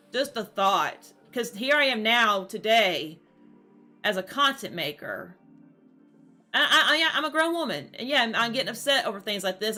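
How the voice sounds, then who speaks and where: A woman talks straight to her viewers in a bright, fairly high voice, rambling and stumbling over repeated words. She sounds upset and close to tears throughout, and soft music plays faintly behind her. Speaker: streamer. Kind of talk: casual talk to camera.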